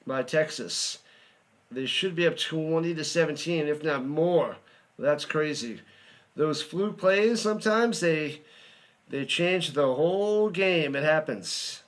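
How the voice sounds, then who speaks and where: A man giving live play-by-play commentary, chatty, humming and joking between plays and rising on big ones. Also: on the high side.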